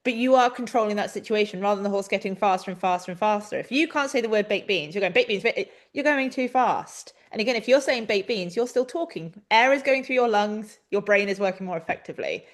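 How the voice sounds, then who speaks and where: A young adult woman co-hosting a webinar, coaching riders in a chatty, animated way over a video call. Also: mid-range voice, quick pace, few pauses. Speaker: riding coach and webinar co-host. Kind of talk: casual instructional chat.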